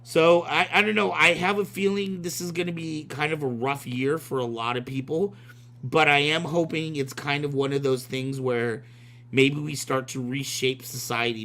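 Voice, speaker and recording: A man's voice: fairly high pitch, a bit bright. A man hosting a casual livestream chat, talking freely and laughing often. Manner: chatty, laughs often, chewing ice. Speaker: podcast host.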